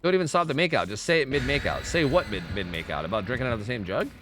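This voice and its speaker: A man's voice: mid-range voice, big pitch swings, rapid-fire, music in the background. A man streaming a game live, giving casual commentary, swearing often and chatting with his viewers. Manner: laid-back, swears often, chats with viewers.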